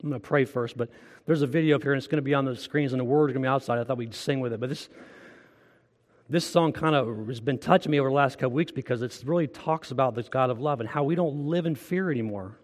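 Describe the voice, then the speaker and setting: A man's voice: medium pitch, quick pace, in a large hall. A man preaching a sermon as pastor, earnest and conversational, asking the congregation direct questions. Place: church.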